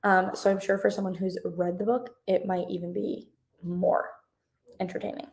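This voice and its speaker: A young woman in her twenties, with a darkish, somewhat low voice at a level tone and normal speed, hosts a casual livestream. Bubbly and chatty, she rambles through viewer comments, reading them aloud with many fillers.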